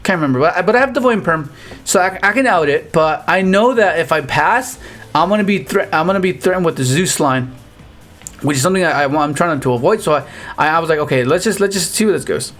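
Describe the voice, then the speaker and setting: A man giving casual, rambling commentary on his own card game matches, with frequent restarts and excited outbursts. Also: fairly high pitch, quick pace, faint music behind. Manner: rambling, restarts often, animated exclamations.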